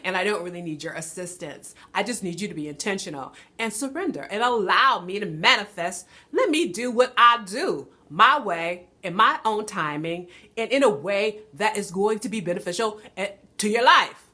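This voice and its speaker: A woman's voice: medium pitch, lively intonation, normal speed, few pauses, sharp tone. A woman voicing the universe as a self-assured, teasing presence in a spiritual vlog. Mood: sassy. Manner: playful, teasing. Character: sassy all-knowing universe, unhurried, self-assured.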